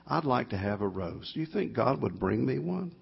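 A man quoting his young daughter in a soft, pleading voice, recorded live. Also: medium pitch, sing-song, moderate pace, vocal fry, breathy edge, heavily acted. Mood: earnest. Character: little girl of four, tearful and earnest. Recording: dull lo-fi live church recording.

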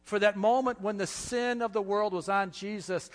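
A man's voice: sits high, fairly even intonation, moderate pace. Impassioned male preacher in a reverberant hall. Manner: impassioned, swings from hushed to loud. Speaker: pastor. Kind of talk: sermon.

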